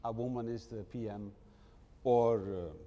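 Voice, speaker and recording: A man from Iceland answering a panel question in a slow, deliberate way. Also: medium pitch, steady tone, dull audio, a little hiss or hum. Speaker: head of government. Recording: distant mic in a reverberant hall.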